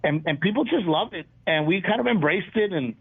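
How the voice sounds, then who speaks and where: A man, a comedian guest in a casual interview, telling lively stories and acting out what people said. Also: high-pitched, brisk, vocal fry, breathy edge. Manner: animated storyteller, acts out quotes. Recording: tinny phone-like line.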